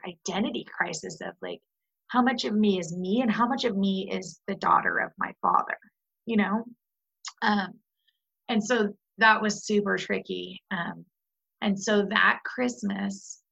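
Woman, 30s, podcast guest; gravelly, slightly husky voice, reflective and full of restarts, muffled lo-fi sound. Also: mid-range voice, fairly bright tone. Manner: candid, reflective, many fillers and restarts. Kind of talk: personal conversation about grief.

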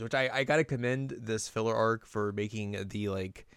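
Laid-back man recapping with a smooth, low voice. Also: fairly even intonation, fairly bright tone, dry recording, clean studio sound. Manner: laid-back, quotes characters in quick put-on voices. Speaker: podcast co-host. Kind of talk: casual recap chat.

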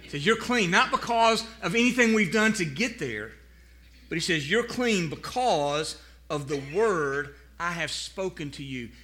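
A man preaching a sermon to a live congregation. He speaks earnestly, often repeats words as he starts over, slows down for scripture, and calls on the listeners to answer aloud. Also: high voice, lively intonation, bright, forceful tone. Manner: asks the congregation to respond aloud. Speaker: pastor.

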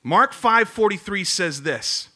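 A man's voice: sits high, expressive, takes it slowly, sharp tone. A man giving a sermon as a pastor, telling the story casually and acting out the voices in quotes.

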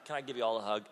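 A man in his forties preaching a sermon, telling stories with lively acted-out quotes. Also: medium pitch, long reverb tail, slight background noise. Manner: animated storytelling, acts out quotes. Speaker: pastor.

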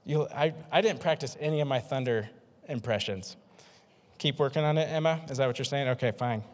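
A man preaching a sermon as a pastor, energetic and self-deprecating, repeating words for emphasis. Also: mid-range voice, a little fast. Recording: long hall reverb.

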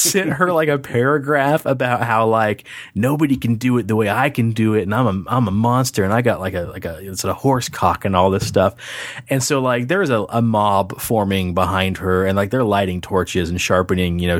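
A man co-hosting a podcast, telling a story in a casual chat, animated and laughing often. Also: lowish voice, dry recording, clean studio sound. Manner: animated, acts out voices in his anecdote, laughs often. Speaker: podcast co-host.

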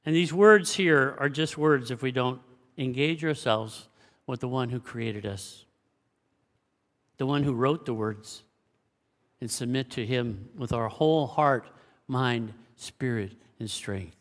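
A man preaching a sermon as pastor, swinging between loud exclamations and hushed, low passages. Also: takes it slowly. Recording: long hall reverb.

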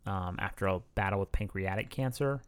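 The man's voice sits low, with a clear, resonant tone and a brisk pace. As a podcast co-host, he chats casually, reading facts aloud with laughing asides in a relaxed, chatty manner.

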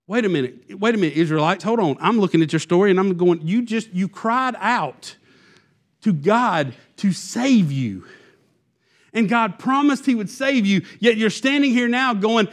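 A man preaching a sermon, animated and acting out the Israelites' complaints in quoted voices. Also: sits high, moderate pace. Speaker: pastor.

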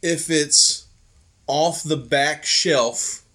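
Animated, profane storytelling man. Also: on the high side, extremely slow. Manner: animated, profane, acts out dialogue. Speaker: podcast host. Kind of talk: casual storytelling.

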